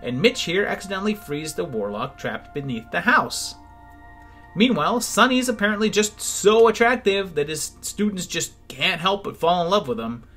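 A man's voice: high-pitched, animated, normal speed, bright, forceful tone, faint music behind. A man narrating a comedic film review in a sarcastic, wry tone. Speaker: movie reviewer. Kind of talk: scripted comedic video narration.

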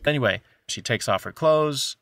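A man's voice: mid-range voice, expressive, normal speed, vocal fry, fairly bright tone, dry recording, studio quality. A man co-hosting a movie podcast, talking casually and sarcastically and acting out quotes in mocking voices. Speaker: podcast co-host. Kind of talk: casual movie review chat.

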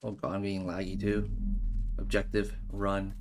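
A man's voice: low-pitched, completely flat delivery, normal speed, over music. A man giving jumpy, exclaiming gameplay commentary as a gaming YouTuber, calling out "bro" and "dude" as he plays.

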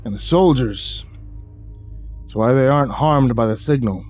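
Seasoned hunter in a horror storybook, measured and gruff, read by the narrator. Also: male voice, mid-range voice, darkish tone, faint music behind, natural voice. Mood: explaining. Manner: explanatory, measured.

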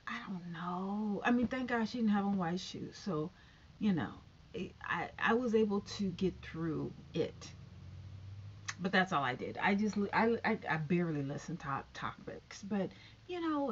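A woman's voice: medium pitch, a little mellow, slight background noise. A woman vlogging from home, chatting bluntly and gossiping in a casual commentary. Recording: dull lo-fi recording.

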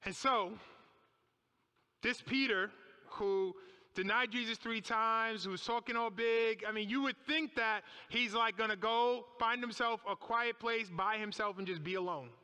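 A man's voice: high voice, a little slow, sharp tone, clear, resonant tone. A man preaching a sermon in a church, retelling scripture dramatically and asking rhetorical questions. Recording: echoey church hall.

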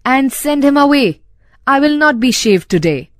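A woman's voice: mid-range voice, sing-song, slow pace, dry recording, clean studio sound. A woman voicing an impatient, angry male sultan who gives curt commands.

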